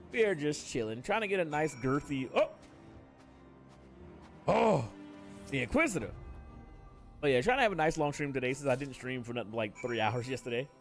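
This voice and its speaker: A man chatting casually on a gaming stream, joking and swearing freely as he plays. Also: medium pitch. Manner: joking, swears freely, reads game dialogue aloud.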